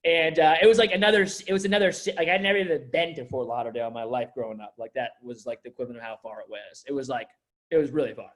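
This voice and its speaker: A district manager with a mid-range, slightly bright voice talks very fast as he gives his staff a loose onboarding talk. He rambles through stories packed with filler words and keeps restarting his sentences.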